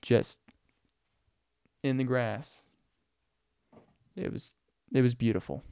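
A young man hosting a podcast, telling rambling, animated stories in a casual monologue and laughing often. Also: medium pitch, takes it slowly, clean tone, no room sound, studio quality. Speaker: podcast host.

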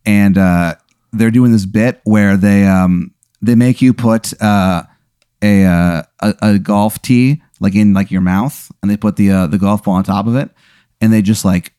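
Low-voiced rambling male storyteller. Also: measured pace, clear, resonant tone, no room sound, studio quality. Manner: rambling, lots of fillers and deadpan escalation. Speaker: podcast host. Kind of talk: improvised comedic storytelling.

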